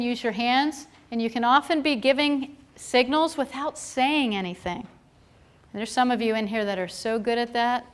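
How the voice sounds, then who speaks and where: Chatty woman giving a seminar talk. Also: on the high side. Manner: chatty, often checks in with "right?"; playful asides to the audience. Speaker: seminar presenter. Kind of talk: live training lecture. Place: seminar room with an audience.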